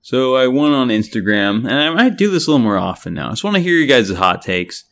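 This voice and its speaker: A man co-hosting a sports podcast, talking in a relaxed, hesitant way full of fillers. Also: mid-range voice, fast. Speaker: podcast co-host. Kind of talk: casual chat.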